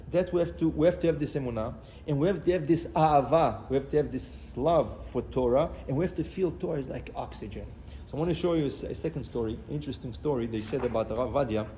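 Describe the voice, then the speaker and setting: A man teaching as a rabbi, telling stories with animated, acted-out dialogue, mixing English with Hebrew phrases. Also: medium pitch, a little hiss or hum. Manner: animated storyteller acting out dialogue, frequent restarts. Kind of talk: Torah class storytelling.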